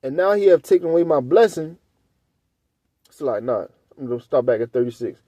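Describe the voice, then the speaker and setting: A man's voice: a little high, animated, brisk, warm tone, no room sound. A man leading a casual scripture study, reading verses aloud and breaking into loose, blunt commentary that he often ends with a questioning "right?". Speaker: Bible teacher.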